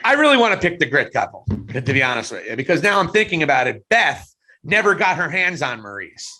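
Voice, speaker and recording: A man co-hosting a wrestling podcast in casual chat, teasing his partner and breaking into excited outbursts. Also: fairly high pitch, brisk.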